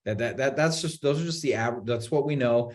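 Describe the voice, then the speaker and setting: A man on a video call webinar, explaining real estate marketing in an animated way, with many restarts and repeated words. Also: medium pitch, fast. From Utah. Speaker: marketing executive guest.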